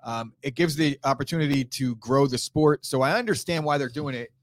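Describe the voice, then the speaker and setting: A man's voice: medium pitch, brisk, no room sound, clean studio sound. A man co-hosting a casual sports talk show, laid-back and profane with firm opinions. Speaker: podcast co-host.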